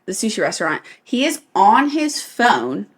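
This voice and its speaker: A woman's voice: mid-range voice, moderate pace. Young woman, from California, casual podcast storytelling, laughs a lot, acts out quotes. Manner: animated, laughing, quotes others in changed voices. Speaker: podcast co-host.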